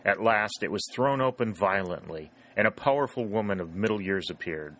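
Narrator: man, lowish voice, steady even reading of a historical novel. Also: moderate pace. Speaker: audiobook narrator. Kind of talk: scripted narration.

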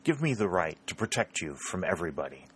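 A man's voice: deep voice, sing-song, fast, a little hiss or hum. A man reading an ardent young captain. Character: ardent young Southern army captain in love. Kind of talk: audiobook character reading.

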